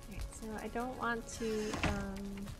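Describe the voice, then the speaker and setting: A woman's voice: medium pitch, level tone, unhurried, loud music behind the voice. A woman live-streaming a game, thinking aloud in a chatty, playful, teasing way. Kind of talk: live-stream gameplay chat.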